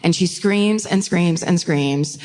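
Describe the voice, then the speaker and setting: A woman's voice: lowish voice, slow pace, a little mellow. A woman co-hosting a live true crime podcast, telling the case casually with swearing and laughing asides. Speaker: podcast co-host. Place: theater stage before a live audience. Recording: reverberant live theater sound.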